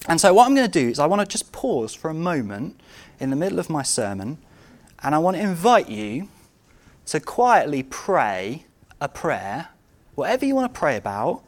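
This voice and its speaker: A man preaching a sermon, asking his congregation rhetorical questions and moving between loud outbursts and quiet, intimate moments. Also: fairly high pitch, very animated, moderate pace.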